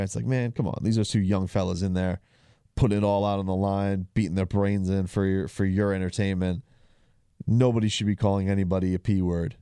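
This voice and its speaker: A man's voice: deep voice, warm tone, clean tone, dry recording, clean studio sound. A man hosting a combat sports show, talking casually with many fillers and restarts. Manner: rambling, frequent fillers and restarts. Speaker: podcast host.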